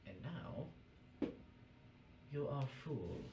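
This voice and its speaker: A man's voice: medium pitch, animated, drawn-out words, background noise, voice pushed up. Guy doing a cold spectral lady boss, bossy and interrogating, roomy far-off sound. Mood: accusing. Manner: imperious, interrogating. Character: commanding spectral female leader, cold.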